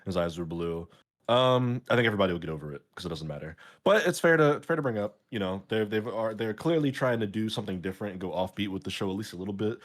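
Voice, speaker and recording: A man with a lowish voice hosts a casual streamed chat show. He rambles and jokes, padding his talk with fillers. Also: lively intonation, quick pace. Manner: rambling, jokey, many fillers. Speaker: show host.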